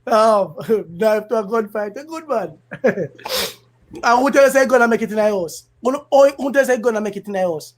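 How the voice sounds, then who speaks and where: A Jamaican man hosting a casual political commentary stream, animated and emphatic, switching between patois and standard English, laughing and repeating lines for effect. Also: sits high, moderate pace.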